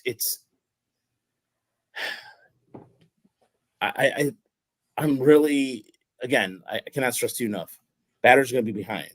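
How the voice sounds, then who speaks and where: A man's voice: mid-range voice, no echo, low-quality recording. A man hosting a sports podcast, talking casually and ranting with exasperation and lots of restarts. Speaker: podcast host.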